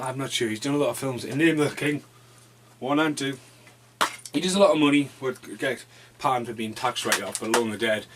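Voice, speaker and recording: A man talks through a pile of movies in a loose home vlog, rambling from one thought to the next and swearing freely. His voice sits at an ordinary middle pitch. A faint background hiss sits under the recording in his dim room. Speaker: movie reviewer. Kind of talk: casual movie review vlog.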